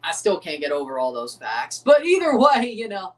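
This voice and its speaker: A man's voice: sits high, huge pitch swings, moderate pace, distant mic. An American man, chuckling and rambling through casual live commentary while reacting to a soccer match. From United States.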